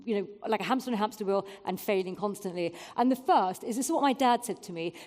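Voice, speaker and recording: A woman's voice: mid-range voice, quick pace, darkish tone, big-room sound. A woman in her forties giving a candid, self-mocking conference talk with frequent fillers. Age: 40s. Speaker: keynote speaker. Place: event venue before an audience.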